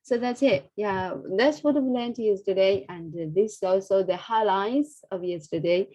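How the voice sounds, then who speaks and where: A woman's voice: mid-range voice, normal speed, mellow, muffled recording. A woman teaching an English lesson, drilling pronunciation with many repetitions and fillers. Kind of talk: online English lesson with Buddhist prayer.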